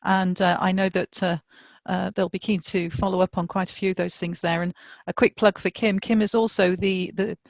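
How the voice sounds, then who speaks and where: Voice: mid-range voice, little pitch movement, moderate pace, no echo. A session chair, introducing panelists over a video call in a chatty, stumbling way. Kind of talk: conference moderating.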